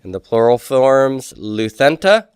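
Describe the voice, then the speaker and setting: A man with a low, smooth voice teaches a lesson. He asks his class questions, answers them himself and drills word forms aloud, recorded dry and close with no room sound. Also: moderate pace, no room sound. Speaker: Greek teacher. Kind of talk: recorded lecture.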